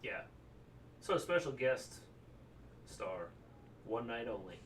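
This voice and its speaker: Co-host, animated and bright, sarcastic, distant with faint noise. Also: mid-range voice, slow. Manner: sarcastic interjections. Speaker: podcast co-host. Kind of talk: casual wrestling recap chat.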